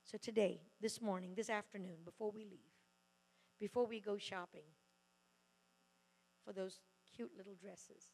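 A woman preaching a sermon in a church hall, loud and fervent, with quick asides and restarts. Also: mid-range voice, fairly even intonation.

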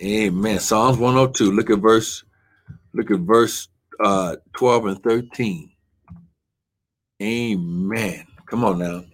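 A man's voice: on the low side, takes it slowly. A man preaching a live-streamed sermon, fervent and full of "amen" and "glory" exclamations, who talks to viewers while looking up his verses.

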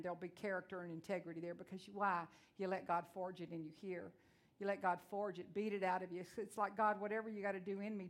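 Loud, blunt Texan woman preacher. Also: mid-range voice. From Texas, USA. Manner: loud, blunt, emotional, folksy storytelling. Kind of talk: sermon.

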